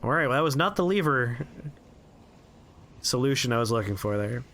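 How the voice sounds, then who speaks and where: A man streaming a game, rambling through profane, relaxed anecdotes as he plays. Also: mid-range voice, normal speed, slight background noise. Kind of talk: casual gameplay commentary and storytelling.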